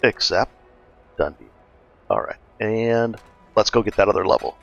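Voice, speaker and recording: A man casually narrating a gameplay walkthrough as a gaming guide host, relaxed and chatty, thinking aloud with fillers. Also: on the low side, moderate pace, gravelly, lo-fi sound, soft background music.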